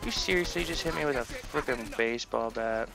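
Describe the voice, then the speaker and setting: A man's voice: medium pitch, a little fast, gravelly, noisy background. A young man giving casual gameplay commentary, goofing around and trash-talking game characters. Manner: goofy, playful trash talk to game characters. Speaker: let's play gamer. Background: game music and gunfire.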